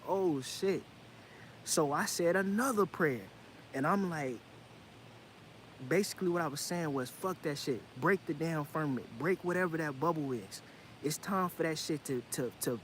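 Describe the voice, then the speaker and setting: A man's voice: a little high, a little hiss or hum, low-quality recording. Intense man telling a story to viewers. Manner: intense, repetitive, profane, addresses viewers as family. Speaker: vlogger. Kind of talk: casual storytelling monologue.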